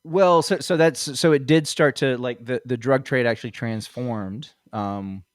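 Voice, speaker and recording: A man's voice: medium pitch, measured pace, no echo, studio quality. A man hosting a comedy podcast, talking in a rambling way with many fillers and frequent laughs. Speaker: podcast host. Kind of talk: casual comedy podcast chat.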